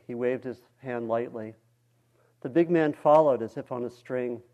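A male meditation teacher reading a story aloud during a dharma talk, in a calm, measured way. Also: medium pitch, dull audio.

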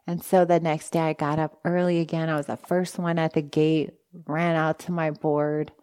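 A woman meditation teacher giving a dharma talk, telling a personal story with lively asides to the listeners and acting out her own past thoughts. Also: sits low, moderate pace, clear, resonant tone.

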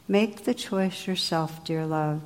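Earnest young knight talking to his bride, low soft voice, a lady reading him out from a legend. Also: slow, long reverb tail. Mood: tender.

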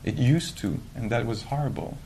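A man giving a conversational dharma talk as a meditation teacher, animated and full of "you know" fillers. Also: medium pitch, normal speed, gravelly, a little hiss or hum, poor audio. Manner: animated, acts out quoted inner voices.

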